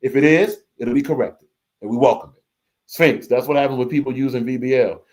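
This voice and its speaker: A man's voice: mid-range voice, a little fast, a little mellow. A man hosting a casual live reaction stream, reading viewer comments aloud and repeating his phrases as he goes. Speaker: livestream host reading chat.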